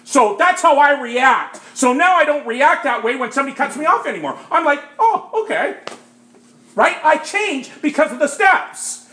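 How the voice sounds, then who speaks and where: A man sharing his recovery story with a group in testimony style, emphatic, often asking "Right?" and getting louder at times. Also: very high voice, roomy sound.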